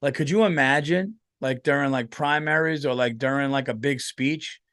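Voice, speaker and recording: A man's voice: medium pitch, moderate pace, a bit bright, dry recording, studio quality. A tired man hosting a comedy podcast, rambling and swearing freely in a casual monologue. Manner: profane, rambling, lots of fillers.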